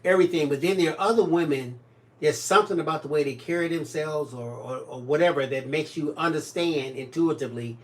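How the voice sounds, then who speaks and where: A man's voice: a little high, a little fast. A man co-hosting a home crafting livestream, reading viewer comments aloud and teasing in easygoing chat. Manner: joking, teasing, animated storyteller.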